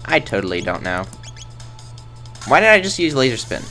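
Goofy gravelly-voiced man playing a game. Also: mid-range voice, big pitch swings, normal speed, sharp tone, soft background music. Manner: rambling, goofy, self-mocking; makes silly sound effects. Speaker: let's play host. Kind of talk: casual game commentary.

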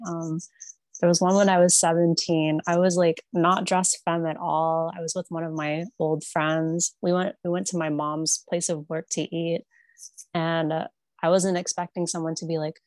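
A woman's voice: deep voice, moderate pace, no echo. A woman on a panel, telling personal stories chattily with lots of "like" over a video call mic. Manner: chatty, many likes, excited retelling.

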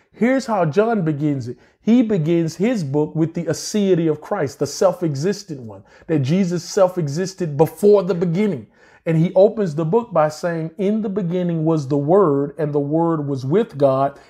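Emphatic man teaching scripture, mellow voice. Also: a little high. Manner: emphatic, repeats phrases, slows down to stress key words. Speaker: Bible teacher. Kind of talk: sermon-style Bible teaching.

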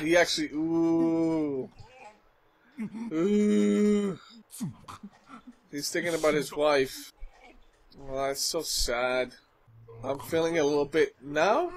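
A man's voice: fairly high pitch, slow, long pauses. A man hosting an anime reaction, talking casually with frequent gasps, exclamations and slangy asides.

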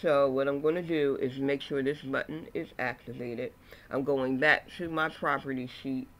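A man instructing a screen-recorded software tutorial, talking through each click step by step with frequent okays and ums. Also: medium pitch, fairly even intonation, moderate pace.

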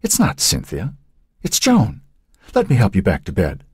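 A man's voice: on the low side, huge pitch swings, moderate pace, breathy edge, no echo, studio quality, voice pushed up, full character voice. A man voicing a grown woman speaking firmly but with care to her aged mother, in an audiobook reading. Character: concerned grown daughter, practical and firm.

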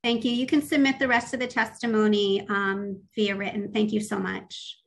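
A woman moderating a remote council hearing, calling each speaker in a measured, formal way over a video call. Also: medium pitch, flat delivery, creaky. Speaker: committee staff moderator. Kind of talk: formal procedural announcements.

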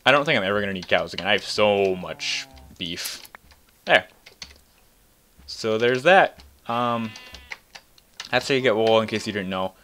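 A young man with a lowish voice rambles through casual gameplay commentary, correcting himself and chuckling as he goes. Faint keyboard clicks sit behind him. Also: unhurried, pauses often, bright, forceful tone, slight background noise. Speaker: gaming channel host.

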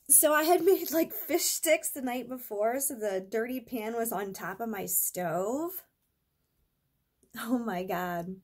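A woman's voice: medium pitch, slightly rough. A young adult woman vlogger telling a rambling, profane, exasperated story in a casual storytime vlog.

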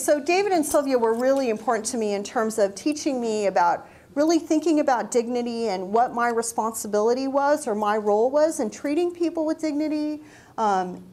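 Middle-aged woman telling personal stories. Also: a little mellow. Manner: reflective, acts out quoted dialogue with raised pitch. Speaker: university staff speaker. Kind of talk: personal storytelling talk.

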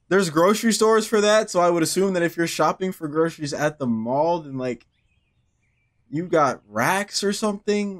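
Joking young man playing horror games. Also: high voice. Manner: joking, profane, talks back to the game. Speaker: gaming YouTuber. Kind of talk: let's-play commentary.

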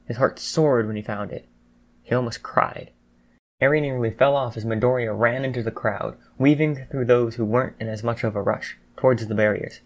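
A man narrating a fan fiction audiobook in a steady storytelling voice. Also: medium pitch, moderate pace.

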